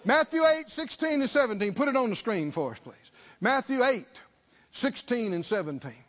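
High-voiced preacher, lively and unhurried. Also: male voice. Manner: rhythmic repetition, rhetorical questions, call-and-response with congregation. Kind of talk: sermon. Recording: dull lo-fi sermon recording.

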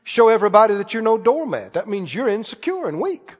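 A man with a high voice preaches to his congregation, calling out questions and pressing his points hard. His voice rings through a long church reverb. The recording sounds muffled and dull. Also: very animated, brisk, breathy edge. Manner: call-and-response preaching, rising to loud emphatic lines. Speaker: pastor. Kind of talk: sermon.

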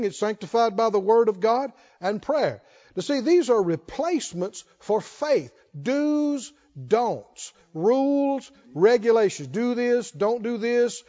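A male pastor with a high-pitched, expressive voice preaches a sermon at normal speed, trading call and response with his congregation and swinging from quiet reasoning to loud cries. The audio sounds dull and muffled, with a long reverb tail.

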